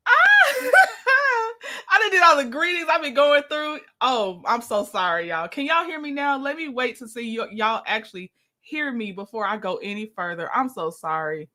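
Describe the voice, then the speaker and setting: A woman's voice: sits high, expressive, normal speed, sharp tone. A woman hosting a casual livestream, chatting with viewers, apologizing often and laughing a lot. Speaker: livestream host reviewing court documents.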